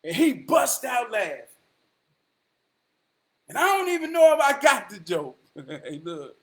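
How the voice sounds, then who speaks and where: Man, high voice, loose motivational vlog ramble, drawling. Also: big pitch swings, measured pace, long pauses, a bit bright. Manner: drawling, calls listener "man" often. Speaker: vlogger.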